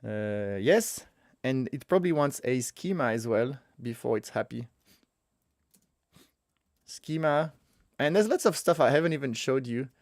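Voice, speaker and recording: A man's voice: medium pitch, lively intonation, unhurried, pauses often, no echo, studio quality. A man teaching a casual coding walkthrough, thinking aloud as he works, correcting himself and chuckling at his own mistakes. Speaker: web developer teaching a coding tutorial.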